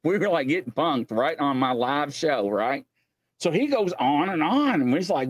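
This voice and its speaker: Animated man host telling a story. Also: on the high side, moderate pace, no echo, highs cut off. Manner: animated storyteller, laughs mid-sentence, acts out quotes. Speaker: paranormal show host. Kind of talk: casual storytelling chat.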